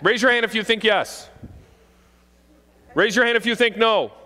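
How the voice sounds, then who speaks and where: A man in his forties, a police officer, giving a joking, animated talk to kids and parents at a school assembly. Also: sits high, moderate pace. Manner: jokey, animated, acts out kids' voices. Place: school gym or auditorium. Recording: long reverb of a large hall.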